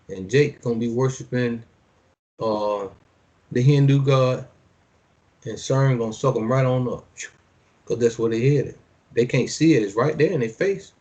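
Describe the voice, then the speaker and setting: A man's voice: mid-range voice, darkish tone. Man preaching with scripture and slang asides. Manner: reads verses slowly and solemnly, then comments in loose street slang; preaching cadence, repeats phrases for emphasis. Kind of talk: sermon, reading scripture with commentary.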